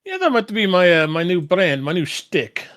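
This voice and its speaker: A man voicing a cocky young male rocker who talks with a lively, laughing manner. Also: high-pitched, normal speed, pitched above the performer's own voice, exaggerated voice.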